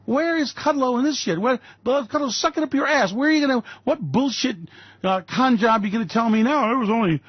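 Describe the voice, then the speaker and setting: A man's voice: very high voice, fairly quick, slightly rough, no echo, lo-fi sound. A man hosting financial commentary, ranting with sarcastic, mocking and profane remarks about economic policy.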